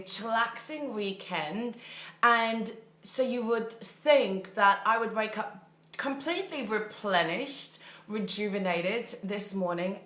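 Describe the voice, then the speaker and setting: Woman, mindset coach, casual livestream chatter, bright tone, roomy echo. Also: medium pitch. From Germany. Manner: chatty, upbeat, thinks aloud and laughs often. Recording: echoey room.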